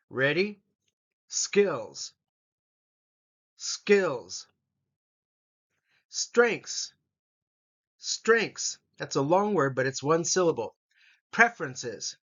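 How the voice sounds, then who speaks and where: Slow, deliberate male English teacher. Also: a little high, expressive, fairly bright tone, dull audio. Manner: slow, deliberate, repeating each word. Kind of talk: vocabulary pronunciation lesson.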